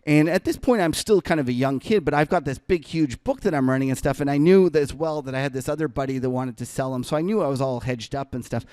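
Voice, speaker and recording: Clean studio audio with no echo captures this man's smooth, slightly mellow, mid-range voice. A trader and podcast co-host, he talks fast with barely a pause, spinning a long, rambling trading story in casual conversation, full of fillers and restarts, voicing others' lines and laughing as he goes.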